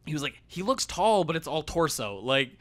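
A man's voice: a little high, big pitch swings, moderate pace, fairly bright tone. A man on a podcast telling a long story in a loose, casual, profane way. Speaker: podcast co-host.

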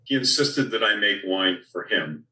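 Low-voiced man telling wine stories in an echoey room. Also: lively intonation, normal speed, sharp tone, recorded from a distance. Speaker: winemaker guest. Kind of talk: relaxed storytelling in conversation.

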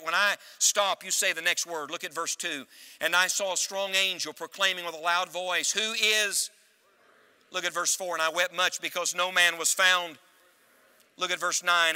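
A man's voice: high-pitched, bright, forceful tone. A male evangelist preaching an emphatic sermon in a church, calling on the congregation to answer him. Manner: emphatic preaching with call-and-response. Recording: hall reverb.

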